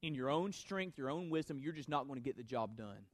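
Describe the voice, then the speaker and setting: A man's voice: mid-range voice, lively intonation, a little fast, dry recording. A male pastor preaching a sermon to his congregation, building emphasis and speaking directly to the listeners.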